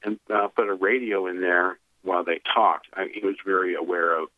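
Low-voiced man on a tinny phone line. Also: normal speed, dry recording. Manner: meandering, filler-heavy storytelling with animated retelling. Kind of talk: rambling phone-in storytelling.

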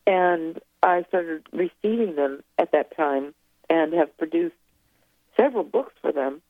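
A woman's voice: deep voice, lively intonation, measured pace, no echo. A woman guest author speaking casually in an interview, rambling and hesitant as she recalls things. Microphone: telephone. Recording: tinny phone line.

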